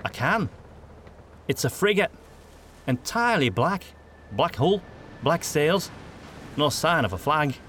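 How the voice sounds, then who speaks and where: A man's voice: fairly high pitch, very animated, slow, long pauses, fairly bright tone, a little hiss or hum, pitched above the performer's own voice, full character voice. A man voicing a polite, earnest young male initiate who talks in a reassuring way.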